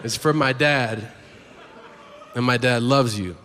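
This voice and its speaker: A man's voice: mid-range voice, slow pace, background noise, voice pushed down, lightly acted. A man voicing a nervous, eager male football fan who pleads and over-explains himself, in a live hall with an audience.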